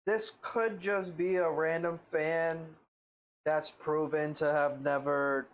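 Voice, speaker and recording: A co-host of a casual podcast who speaks frankly and swears freely. The voice sits at a middle pitch and lays out opinions at length. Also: fairly even intonation, takes it slowly, rough recording. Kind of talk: casual chat.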